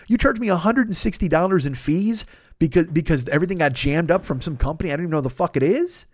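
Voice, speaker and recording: A man's voice: a little high, quick pace, no echo, studio quality. A man hosting a podcast, telling a long personal story in a casual, profane and exasperated way into a microphone. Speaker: podcast host.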